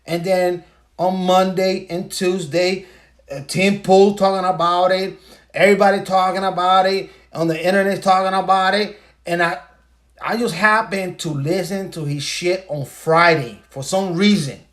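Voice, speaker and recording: A podcast host tells a story in a loose, profane, emphatic rant packed with rhetorical questions. His voice sits high, with a steady tone and a normal pace.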